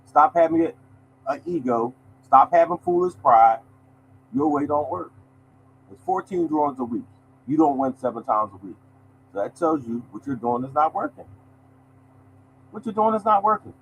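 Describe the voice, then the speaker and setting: A man's voice: on the high side, very animated, normal speed, gravelly, long pauses, slight background noise, low-quality recording. Emphatic, repetitive man talking to y'all. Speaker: lottery podcast host. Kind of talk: casual motivational monologue.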